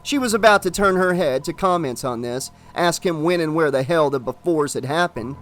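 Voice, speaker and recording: A man's voice: on the high side, lively intonation, normal speed, a bit bright, faint music behind. Man narrating a horror audiobook.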